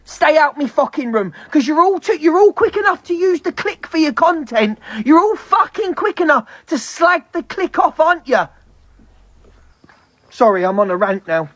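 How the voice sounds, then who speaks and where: A woman's voice: mid-range voice, no room sound. A woman on a live stream, venting in a heated, profane rant. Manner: heavy swearing, fast heated ranting.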